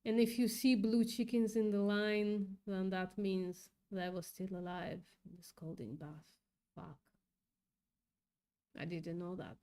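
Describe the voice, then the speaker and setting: Woman, livestream host, unhurried delivery, angry and shaken, frequent profanity. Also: mid-range voice, fairly even intonation, warm tone. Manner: upset, swears often, thinks aloud. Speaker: livestream host reading chat. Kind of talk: casual livestream commentary.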